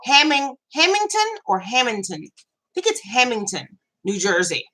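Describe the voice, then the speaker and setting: A middle-aged woman hosting a loose live chat. Her voice is high and bright, and it swoops all over as she laughs and vents. She talks in an animated way and swears freely. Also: normal speed. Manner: animated, laughing, ranting with profanity. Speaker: host.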